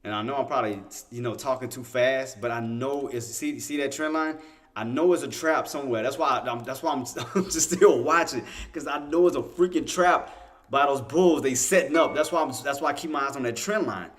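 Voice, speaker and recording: A medium-pitched male voice, a little fast, hosts a day-trading livestream and narrates the chart live. He keeps circling back with repeated phrases and fresh starts, talking to himself and pressing his points in excited, insistent spurts.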